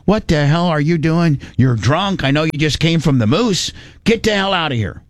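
A man voicing a rugged, tough middle-aged dad who is gruff and cursing. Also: fairly high pitch, lively intonation, normal speed, dry recording, natural voice. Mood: angry. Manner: blunt, cursing, bossy.

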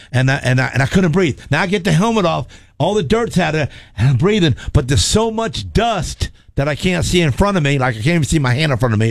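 Male storyteller, animated and folksy, dry close sound. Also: on the high side, dry recording. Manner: animated, repetitive, folksy, laughs often. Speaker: race car driver telling a story. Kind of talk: casual storytelling chat.

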